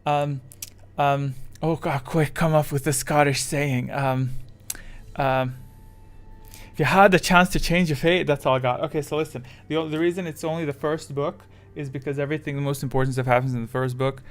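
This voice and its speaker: A man's voice: medium pitch, flat delivery, fairly quick. A man chatting casually with his live chat as a streamer, rambling and self-deprecating, with English that is not his first language.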